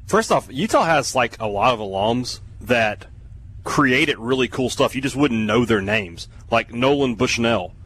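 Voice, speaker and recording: A man's voice: medium pitch, lively intonation, unhurried, a bit bright, husky. A man co-hosting a sports talk radio show over a remote line, talking in a casual, rambling way. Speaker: radio co-host.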